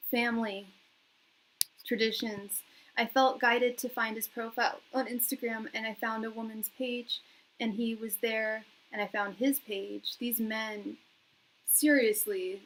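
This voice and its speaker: This young woman, a tarot reader and psychic, reads her viewers' chat messages aloud during a live-stream reading, chatting casually with many fillers, laughs and repetitions. Her voice is a little high and a bit bright, with fairly even intonation and a slow pace. The recording is rough.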